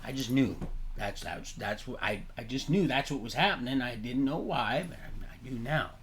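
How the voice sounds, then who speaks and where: A man hosting a livestream, rambling from topic to topic in an animated, preachy way and laughing at his own remarks. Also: medium pitch, moderate pace. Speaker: livestream host.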